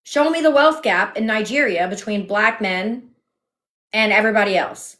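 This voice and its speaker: A woman's voice: mid-range voice, moderate pace, a bit bright. A woman hosting a phone livestream from home, firm and sarcastic as she talks over her guest in a heated debate. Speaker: livestream host.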